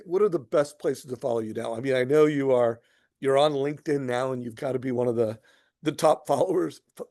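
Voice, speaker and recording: Male show host, fired-up tone, gravelly and warm, dry close recording. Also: mid-range voice, no room sound. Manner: enthusiastic, addresses viewers as guys. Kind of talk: interview hosting.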